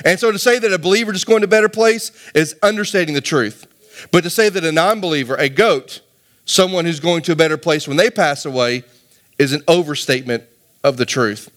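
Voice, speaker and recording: A man's voice: a little high, a little fast, fairly bright tone. A middle-aged man preaching a sermon to his congregation in a conversational way, asking them rhetorical questions. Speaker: pastor.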